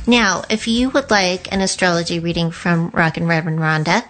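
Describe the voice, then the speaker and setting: A woman hosting a radio talk show, announcing in a chatty, relaxed way. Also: lowish voice, normal speed.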